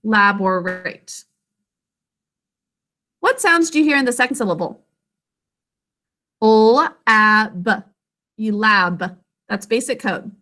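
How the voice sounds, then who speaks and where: A woman's voice: on the high side, big pitch swings, sharp tone. A woman teaching an online literacy lesson over a video call, sounding words out carefully syllable by syllable. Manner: slow, careful syllable-by-syllable enunciation.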